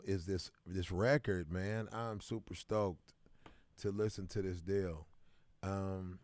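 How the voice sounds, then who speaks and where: A man's voice: on the low side, a little mellow, no room sound. A man from Kansas City, hosting a casual livestream and greeting viewers by name in bursts of hype. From Kansas City, American Midwest. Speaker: livestream host.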